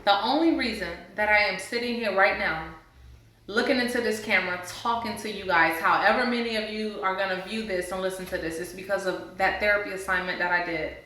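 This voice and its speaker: A woman's voice: mid-range voice, fairly quick, bright, forceful tone. A woman sitting before a camera, earnestly telling her personal healing story and encouraging viewers. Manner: earnest, heartfelt, faith-based encouragement. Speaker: vlogger sharing a personal story. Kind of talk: casual testimony to camera. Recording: very echoey room.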